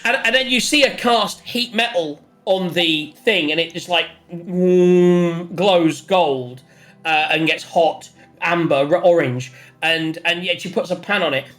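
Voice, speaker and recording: A game master narrating a tabletop game in an animated way, often laughing and acting out shouts and hums. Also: medium pitch, measured pace.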